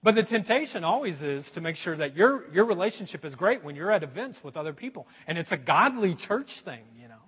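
Middle-aged male pastor, high, lively delivery, husky edge, dull echoey hall sound. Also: brisk, few pauses. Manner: animated, swings between loud emphasis and quiet asides. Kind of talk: sermon.

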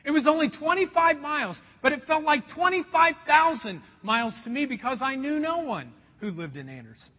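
Very high-voiced and animated, this pastor from Indiana, USA, speaks a little fast with hardly any pauses, sharing a personal story in his sermon and addressing everyone as folks. A dull sound and long hall reverb color the recording.

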